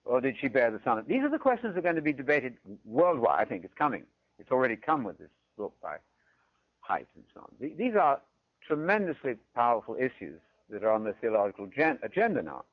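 A man's voice: mid-range voice, fast talker, dry recording. A man from Britain, giving a theology lecture and often checking in with the audience. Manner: animated, often checks in with "right?". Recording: dull, dry lo-fi recording.

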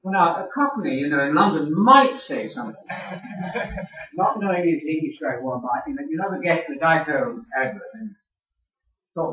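In an echoey hall, an older man preaches a lively sermon-style lecture to a church audience, teasingly challenging them with questions. His voice is a little high and expressive, at a moderate pace, recorded far from the mic in a large room so it sounds dull.

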